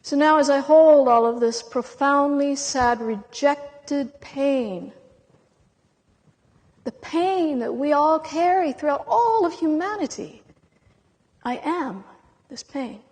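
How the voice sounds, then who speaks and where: Woman, high voice, giving an impassioned spiritual talk; emotional and dramatic with long pauses; lecture-hall reverb. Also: expressive, darkish tone. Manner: intense, dramatic, with long pauses between words. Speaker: spiritual speaker.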